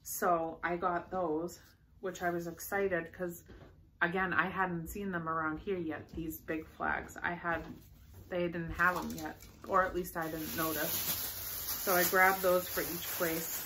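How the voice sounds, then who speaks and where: A woman's voice: on the low side, flat delivery, unhurried, bright, forceful tone, a little hiss or hum. A young woman chatting casually through a shopping haul, bubbly and rambling with enthusiasm. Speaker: vlogger showing a shopping haul.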